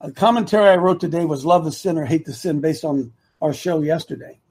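A man's voice: fairly high pitch, brisk, a little mellow, slightly rough. A man hosting a live opinion talk show, rambling and repeating himself for emphasis while talking to his producer and the chat.

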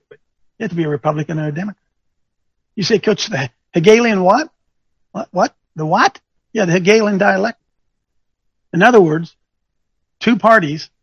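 A man coaching an audience, speaking in an animated, teasing way that quizzes listeners with questions and thinks aloud. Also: sits high, creaky, breathy edge, dry recording, dull audio. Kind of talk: lecturing talk with rhetorical questions.

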